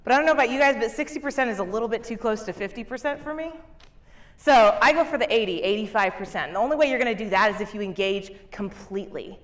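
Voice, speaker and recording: A woman business coach giving a motivational keynote talk on a conference stage, energetic and often laughing as she talks to the crowd. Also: on the high side, fast.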